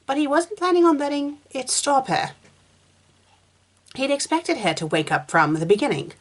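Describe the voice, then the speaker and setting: A woman's voice: sits high, expressive, moderate pace, long pauses. A woman reviewer reading fan fiction aloud, breaking in with sarcastic, exasperated comments.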